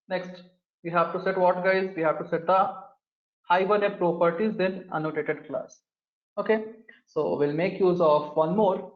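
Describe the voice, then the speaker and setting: Brief: male coding instructor, slightly high voice, walks through steps aloud, echoey dull recording. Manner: talks through steps while typing, often addresses the class as "guys". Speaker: programming instructor. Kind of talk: live coding lesson.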